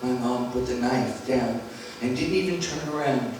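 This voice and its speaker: A man in his sixties from Philadelphia, telling a personal testimony with deliberate, dramatic pauses. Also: medium pitch. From Philadelphia, USA. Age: 60s. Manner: deliberate, dramatic pauses, acts out quoted voices. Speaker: gospel singer and speaker. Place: large stone church. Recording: echoey church from far off, faint music.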